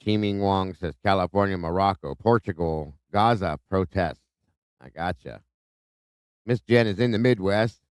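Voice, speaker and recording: Host, male, lowish smooth voice, chatty and friendly, reading chat aloud on a dry close mic. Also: unhurried, no room sound. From Ohio. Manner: friendly, greets viewers by name. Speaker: livestream host. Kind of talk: casual live chat reading viewer comments. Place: home in Ohio.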